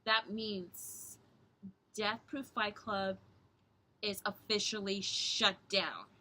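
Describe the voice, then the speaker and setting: A woman's voice: steady tone, takes it slowly, bright, forceful tone. A young woman from Southern Ontario giving a rambling, profane review of a wrestling show, keeping her voice down so she doesn't wake the house. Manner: talks low to avoid waking others. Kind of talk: casual vlog review.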